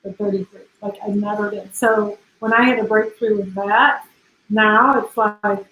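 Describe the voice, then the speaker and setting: A woman's voice: medium pitch, steady tone, measured pace, fairly bright tone, reverberant, a little hiss or hum, poor audio. A woman in her forties, co-host of an event, talking casually and emotionally, laughing often. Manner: emotional, laughs often, talks of crying easily. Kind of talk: casual conversation, live stream.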